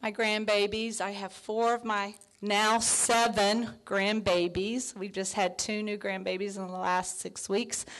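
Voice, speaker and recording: A woman in her fifties accepts an award, her mid-range voice warm with feeling as she fights back tears. She thanks everyone with soft laughs and plenty of "um"s, sincere and unpolished. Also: medium pitch, little pitch movement, unhurried, hardly any pauses. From Texas. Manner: heartfelt, tearful, with soft laughs and fillers. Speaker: award honoree. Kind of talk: emotional acceptance speech.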